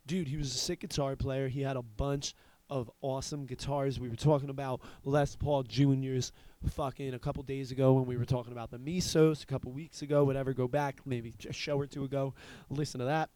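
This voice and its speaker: A man's voice: medium pitch, steady tone, brisk, dark tone, dry recording. A man in his thirties hosting a podcast, telling a rambling, profane story in casual chat. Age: 30s. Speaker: podcast host.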